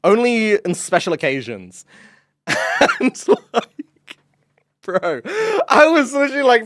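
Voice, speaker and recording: Slightly high-voiced guy rambling on stream, lots of likes and bros, dry close mic. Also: unhurried, no echo. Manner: excitable, swears, lots of fillers and laughs. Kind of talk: casual stream chat.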